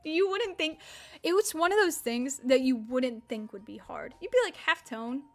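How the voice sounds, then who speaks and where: A woman's voice: sits high, very animated, moderate pace. A young woman around twenty from Mississippi, chatting casually on a stream, rambling, swearing and laughing, with an unusual slack-jawed accent. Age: about 20.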